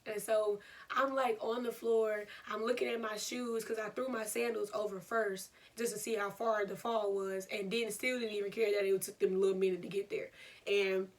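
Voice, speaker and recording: A young woman, telling a storytime vlog in an animated, laughing way. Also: medium pitch, moderate pace, far from the mic. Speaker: vlogger.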